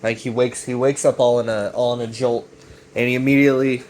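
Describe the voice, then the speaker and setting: A man's voice: mid-range voice, flat delivery, a little fast, a little mellow, slight background noise. Casual profane man rambling a recap. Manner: rambling, profane, acts out quoted lines. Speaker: commentator recapping a web series.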